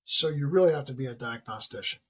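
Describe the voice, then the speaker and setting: A man of about sixty, a retired military leader, talking as a podcast guest in a lively, storytelling way, often acting out what people say. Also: quick pace, breathy edge. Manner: animated storyteller who acts out dialogue with big pitch jumps. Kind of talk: casual interview conversation.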